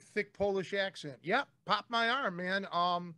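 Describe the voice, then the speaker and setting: Blunt host guy swearing thru a story, pretty high voice, dead dry mic. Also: a little slow, bright, forceful tone, no room sound. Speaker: podcast host. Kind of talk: casual podcast storytelling.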